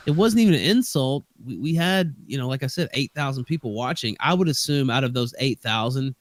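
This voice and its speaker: A man's voice: mid-range voice, expressive, a little fast, no room sound. A man telling a story as a guest on an online call show, rambling and hedging with many restarts. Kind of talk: casual stream chat.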